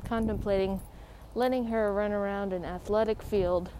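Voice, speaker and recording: A woman's voice: mid-range voice, fairly even intonation, normal speed. A woman around thirty, vlogging casually on a walk in a park, with rambling, wry, self-mocking asides. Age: 30s. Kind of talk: casual vlog while walking a dog. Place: outdoor park. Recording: faint outdoor noise.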